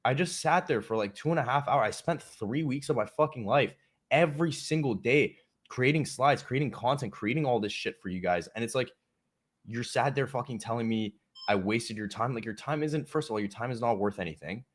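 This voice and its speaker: A man's voice: medium pitch, brisk. A man hosting a casual livestream chat. He talks bluntly and swears often, ranting straight at his viewers. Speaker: livestream host.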